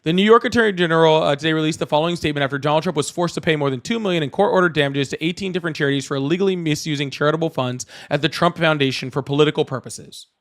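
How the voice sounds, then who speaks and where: A fast-talking man with a fairly high voice hosts a live political debate stream. He argues with callers in a combative way and often cuts them off. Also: a bit bright.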